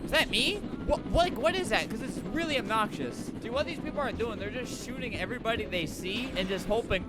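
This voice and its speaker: A man giving excitable gameplay commentary, yelling at other players and tossing out quick jokey asides. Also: sits high, background noise. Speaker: gaming video creator. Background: faint game music.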